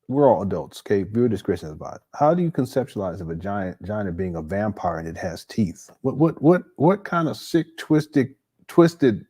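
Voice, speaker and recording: A man's voice: fairly low pitch, big pitch swings, brisk, hardly any pauses, dark tone, husky. A man hosting a live stream, reacting to a clip with incredulous, exasperated, stammering commentary. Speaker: livestream commentator.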